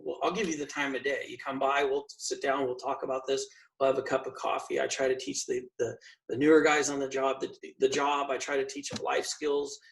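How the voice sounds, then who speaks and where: A man's voice: medium pitch, creaky, recorded from a distance, low-quality recording. A man talking casually as an interview guest, giving earnest advice with frequent restarts. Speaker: guest, firefighter and real estate investor.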